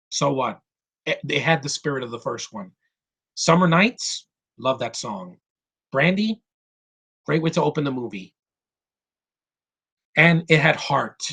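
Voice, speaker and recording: A man giving an excited, ranting film review, swearing and acting out lines from the movie. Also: mid-range voice, husky.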